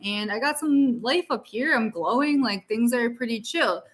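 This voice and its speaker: A woman's voice: a little high, lively intonation, normal speed, lightly acted. A woman voicing a tiny carefree fairy girl, speaking in a breezy, chill, singsong way.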